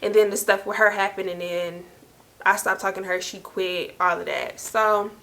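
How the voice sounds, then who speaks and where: A young woman vlogger telling a story in casual, slangy speech, lively and quick to laugh. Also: medium pitch, vocal fry. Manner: animated, slangy, laughing as she tells it.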